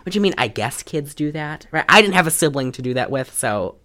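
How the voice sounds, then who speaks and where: A woman casually recapping a film's plot on a podcast, telling it in an animated way with lots of "like.". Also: sits low, brisk. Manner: animated storytelling, frequent "like". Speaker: podcast co-host. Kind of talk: casual film recap chat.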